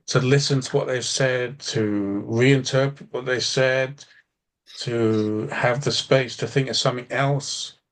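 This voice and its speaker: A man who coaches drivers, talking bluntly in a casual podcast chat, swearing for emphasis and restarting his sentences as he rambles on. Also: mid-range voice. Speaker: driving instructor and coach.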